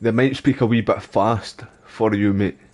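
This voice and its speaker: Scottish male streamer, casual and foul-mouthed, fairly low voice, talks gameplay with chat. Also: fairly even intonation, unhurried, darkish tone. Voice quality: laid-back, swears casually, calls viewers mate and bro. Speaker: gaming live streamer.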